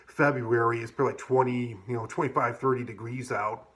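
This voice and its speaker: A man's voice: medium pitch, fairly even intonation, a little fast, a bit bright. Rambling, profane man telling a story. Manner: rambling, profane, many fillers like "like" and "you know". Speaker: vlogger. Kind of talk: casual storytelling.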